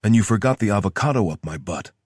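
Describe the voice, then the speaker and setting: In a quick-paced, dry recording, a male narrator voices a wry soldier bantering with his lover. The delivery is deep, low and husky, deadpan and dry, close-miked without room sound.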